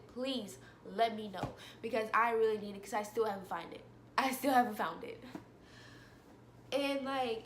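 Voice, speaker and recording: A woman's voice: on the high side, a bit bright, a little hiss or hum. Hesitant young woman, echoey room. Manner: hesitant, full of fillers and restarts. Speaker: vlogger. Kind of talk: personal confessional talk to camera.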